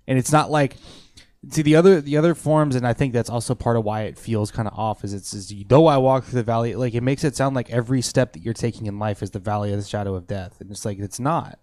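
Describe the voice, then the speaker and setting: A man's voice: mid-range voice, fairly even intonation, quick pace, darkish tone, dry recording. A man talking casually about a Bible verse, with many "like"s and "I'm like"s. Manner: conversational, uses "like" and "I'm like" a lot. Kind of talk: casual discussion.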